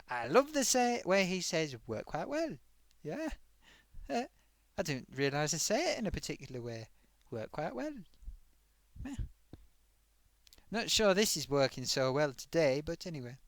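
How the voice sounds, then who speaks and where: Chatty lively-voiced man. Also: a little high, normal speed, no room sound. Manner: chatty, self-amused, reads out forum comments. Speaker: live stream host. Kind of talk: casual live stream chat.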